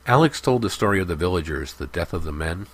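A man narrating a story in a steady, even audiobook style. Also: low voice, fast talker.

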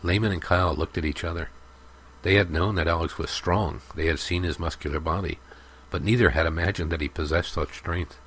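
A man narrating a story in a steady, even audiobook style. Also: deep voice, fairly quick.

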